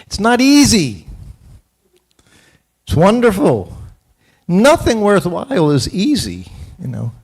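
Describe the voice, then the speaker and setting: A man's voice: high-pitched, wildly swooping pitch, slow pace, long pauses, a little mellow, husky. An older man in his seventies speaks in a slightly raised voice as he leads a morning temple class. He tells personal stories in a self-deprecating way and often breaks into chuckles. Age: 70s. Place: temple hall.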